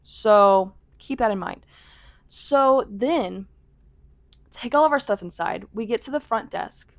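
A woman's voice: on the high side, expressive, takes it slowly, no room sound. A young woman telling a rambling vlog story in a chatty, casual way, full of "like". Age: young adult. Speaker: vlogger.

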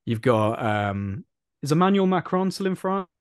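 A British man from England, chatting on a podcast in an animated, rambling way and repeating phrases for emphasis. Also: a little high, moderate pace, clear, resonant tone, dry recording, clean studio sound. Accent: British English. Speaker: podcast co-host. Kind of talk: casual political chat.

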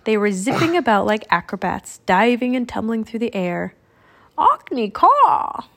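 A woman narrating a children's audiobook with clear, expressive storytelling. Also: mid-range voice, normal speed. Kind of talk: audiobook reading.

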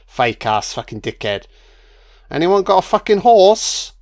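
A man's voice: sits high, very animated, measured pace. A man giving casual, sardonic film commentary full of swearing and jokey asides.

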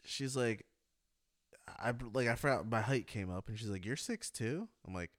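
A young man co-hosting a podcast, talking in an animated, sarcastic, swearing way. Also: on the low side, normal speed, no room sound, studio quality. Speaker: podcast co-host. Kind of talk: casual crude banter.

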